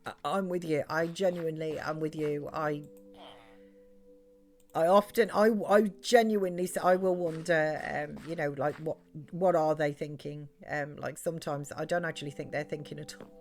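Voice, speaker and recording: With a deep, steady voice at a moderate pace, a middle-aged British woman chats loosely while live-streaming a game, rambling and restarting, heavy on fillers. A little hiss or hum can be heard.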